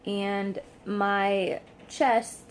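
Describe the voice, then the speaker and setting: Speaking very slowly with little pitch movement, a young woman at home tells a chatty story to her camera in a mid-range voice. Slight background noise is audible, and she keeps saying "like" while acting out quoted lines.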